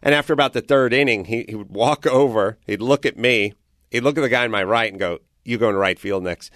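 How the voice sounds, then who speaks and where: A radio host with a medium-pitched voice tells a casual story at a quick pace on his talk show. He's animated and profane, swearing a lot and acting out both sides of the story, and the sound is clean studio quality with no echo.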